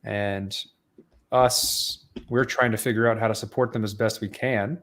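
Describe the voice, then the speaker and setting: Lowish-voiced guy co-hosting a podcast, earnest, explains things at length. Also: steady tone, unhurried, fairly bright tone. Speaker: podcast co-host. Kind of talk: casual chat.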